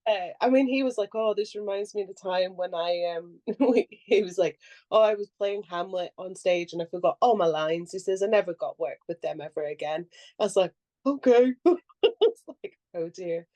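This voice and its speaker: A woman's voice: medium pitch, moderate pace. A young adult woman actor chatting casually on a podcast, telling stories with lots of laughter and acting out what people said. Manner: animated storyteller who acts out quotes and laughs often.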